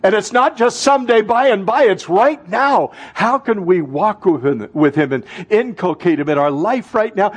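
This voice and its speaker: A male pastor preaching a sermon, swinging between loud fervent bursts and soft, hushed passages, calling out to his congregation. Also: sits high, expressive, moderate pace, few pauses, breathy edge. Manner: calls out to the congregation.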